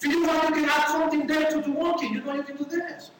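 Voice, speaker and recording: A woman's voice: level tone, fast, recorded from a distance, noisy background. Emphatic woman preaching in an echoey hall. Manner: emphatic, calls out lines with rising pitch. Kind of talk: sermon.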